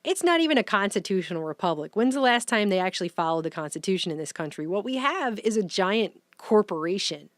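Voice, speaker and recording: A woman's voice: medium pitch, big pitch swings, no echo, studio quality. Indignant, sarcastic woman commentator. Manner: sarcastic and indignant, talks fast when worked up. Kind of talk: opinion commentary.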